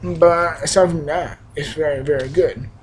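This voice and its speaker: A man's voice: fairly high pitch, steady tone, moderate pace, a little hiss or hum, rough recording. A young man giving a casual, rambling film review, with frequent restarts, fillers and emphatic bursts. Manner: enthusiastic, emphatic. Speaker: movie reviewer.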